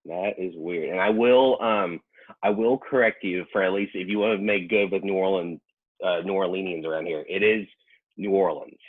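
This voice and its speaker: Husky man on a tinny line. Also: low voice, normal speed. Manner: hesitant, full of restarts, laughs easily. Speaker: professional cook, podcast guest. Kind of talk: casual chat.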